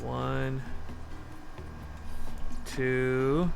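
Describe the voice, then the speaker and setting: A man streaming casually as he builds a model kit. He rambles, asks himself questions and counts steps out loud while he works. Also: mid-range voice, little pitch movement, extremely slow, gravelly, over music. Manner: easily sidetracked, lots of restarts and rhetorical questions.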